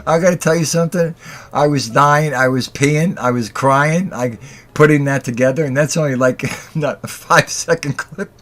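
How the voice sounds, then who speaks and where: A man's voice: fairly high pitch, normal speed, a bit bright. A man hosting a casual livestream chat, giggling constantly and breaking into laughter mid-sentence. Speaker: livestream host.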